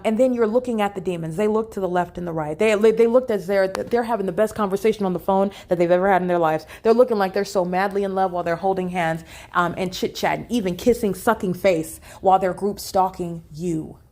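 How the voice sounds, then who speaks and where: A woman recording a solo vlog monologue in a hotel room, talking emphatically with many "uh" fillers and repeated phrases. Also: fairly low pitch. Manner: emphatic and repetitive, with frequent fillers. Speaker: vlogger documenting her day. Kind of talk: solo spoken monologue to camera.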